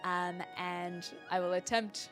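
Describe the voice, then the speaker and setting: A woman's voice: fairly low pitch, flat delivery, slow, fairly bright tone. A young woman streamer thinking aloud with lots of fillers as she plays, in casual gameplay commentary. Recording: game music clearly behind. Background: game music.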